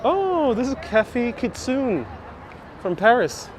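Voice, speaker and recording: A man's voice: extremely high pitch, sing-song, slow pace, a crowd in the background, noisy background. A man hosting a casual live-stream walking tour outdoors on city streets, chatting away and reading out viewer comments with frequent laughs. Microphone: wireless clip-on mic with phone on gimbal.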